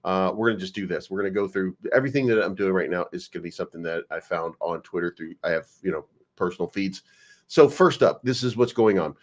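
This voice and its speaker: A man's voice: sits low, fast. A man hosting a crypto livestream, rambling and joking with casual swearing. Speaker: crypto live-stream host.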